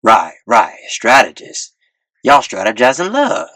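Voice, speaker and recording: A man voicing a young, overconfident smooth talker who stammers when cornered. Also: mid-range voice, wildly swooping pitch, measured pace, pushed and bright, no room sound, heavily acted. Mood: flustered. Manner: cocky yet flustered, stammering. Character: young male smooth talker, cocky but nervous.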